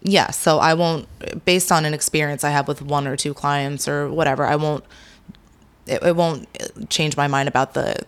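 A young adult woman speaking candidly as an interview guest, with many pauses and fillers. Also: low voice, steady tone. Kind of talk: casual interview.

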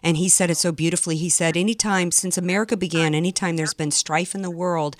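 Female talk radio host, animated and emphatic, dry close studio mic. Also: fairly low pitch, fast talker, no room sound. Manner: animated, emphatic, sarcastic asides. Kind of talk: talk radio monologue and call-in chat.

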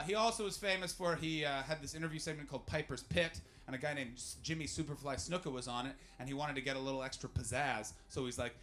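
Rambling animated man telling comic stories. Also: on the high side, quick pace, hardly any pauses. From Canada. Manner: rambling, animated storytelling with asides to the crowd. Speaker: stand-up comedian and podcast host. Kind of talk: live stand-up comedy set.

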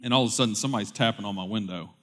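A man pastor delivering a sermon, moving from loud, urgent preaching to quiet, conversational storytelling. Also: lowish voice, rapid-fire. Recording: long hall reverb.

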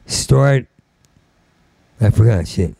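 Middle-aged male comic, rambling profane rant, heavy stutter; gravelly, dry. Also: lowish voice, expressive, very slow, mellow, dry recording. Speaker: stand-up comedian. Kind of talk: rambling stand-up monologue.

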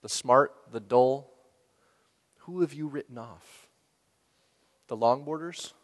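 Male pastor, mid-pitched, chatty sermon delivery, long reverb tail. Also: takes it slowly. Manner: conversational, with laughs and rhetorical questions.

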